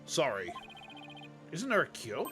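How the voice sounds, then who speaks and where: A man voicing an earnest young male lawyer, upset and pleading, his voice pushed higher. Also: huge pitch swings, a little slow, music in the background. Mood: distressed.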